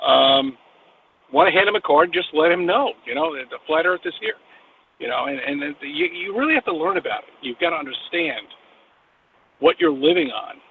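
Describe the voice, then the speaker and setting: A man's voice: on the high side, sing-song, moderate pace, creaky. A man with a New York accent talking in a rambling, profane, emphatic way during a casual online conversation. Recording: tinny phone-like line with faint noise.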